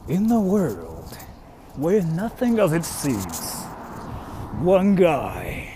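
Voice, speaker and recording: A man imitating a dramatic movie-trailer narrator, speaking slow, deep and portentous. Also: huge pitch swings, warm tone, slight background noise, exaggerated voice.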